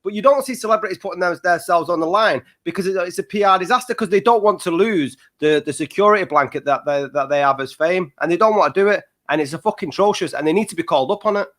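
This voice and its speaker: Fast-talking man ranting on a podcast. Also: high-pitched, fairly bright tone. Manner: fast, heated, sweary ranting. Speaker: podcast co-host. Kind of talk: casual chat.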